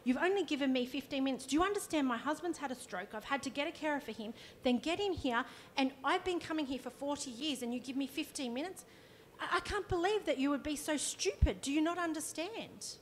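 A woman's voice: sits high, lively intonation, brisk, few pauses, a little hiss or hum. A woman voicing an irate, scolding ninety-three-year-old woman at a clinic reception desk. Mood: indignant scolding. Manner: indignant, scolding, raised voice.

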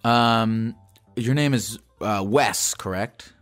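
A low-pitched young man chats with callers in a loose, rambling way, mocking himself and leaping up in pitch when something excites him. There is faint music under his voice. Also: takes it slowly. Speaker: podcast host taking calls. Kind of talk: casual call-in chat.

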